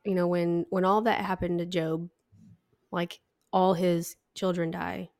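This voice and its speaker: A woman co-hosts a faith podcast in casual conversation. Her voice sits a little low, and she speaks earnestly, pressing her points. The sound is dry and close. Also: little pitch movement, unhurried, a little mellow, no echo. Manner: earnest and emphatic. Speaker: podcast co-host.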